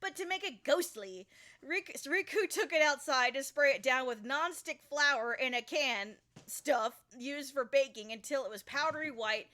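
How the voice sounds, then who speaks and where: A young woman streamer reading a fan story aloud on a live stream, giggly and lively, stopping now and then to chat. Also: sits high, moderate pace. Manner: giggly, lively reader who breaks off to chat.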